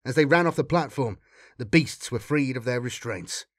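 In this fan reading of a sci-fi story, a male audiobook reader tells a dark tale at an even, measured pace, heightening the drama as it unfolds. He speaks at a middle pitch, captured in a close, dry recording without any room sound.

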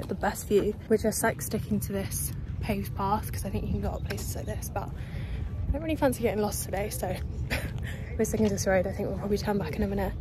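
A young woman, chatting casually to a handheld camera as a travel vlogger and peppering her talk with "like". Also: medium pitch. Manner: chatty, filler-heavy, says "like" often. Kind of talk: casual vlog chat to camera. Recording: noisy handheld vlog audio.

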